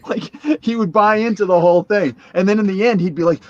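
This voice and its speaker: A man's voice: high voice, brisk, few pauses, fairly bright tone, no room sound. A man in his fifties, a podcast guest telling a long story in a casual, rambling way, with restarts and chuckles along the way.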